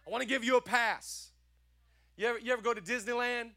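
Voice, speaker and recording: A man preaching a sermon with a notably high voice, pressing the same encouragement again and again. He slips easily into chatty, joking asides. The sound is close and dry. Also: fast talker, dry recording. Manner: energetic, repetitive exhortation. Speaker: pastor.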